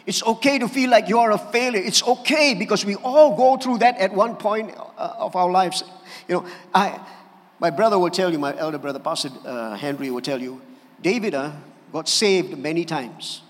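Man, pastor, lively sermon, amen calls, long hall echo. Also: high-pitched, normal speed. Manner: animated preaching with calls for amen. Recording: church hall reverb.

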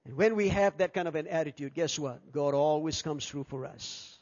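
A man preaching a sermon as pastor, animated and acting out the people in his story. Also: high-pitched, normal speed, few pauses. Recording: dull sound with long hall reverb.

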